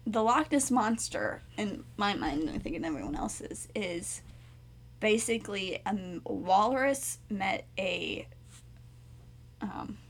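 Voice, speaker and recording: A woman's voice: mid-range voice, expressive, takes it slowly, slight background noise. A woman co-hosting a casual chat show, adding wry jokes. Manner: wry, joking interjections. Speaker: podcast co-host.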